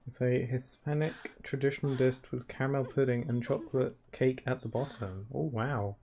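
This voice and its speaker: Streaming a game, a man chats his way through casual let's-play commentary, rambling, laughing often and saying "like" constantly. His medium-pitched voice is mellow, with fairly even intonation, normal speed and a little hiss or hum. Faint game music plays behind him.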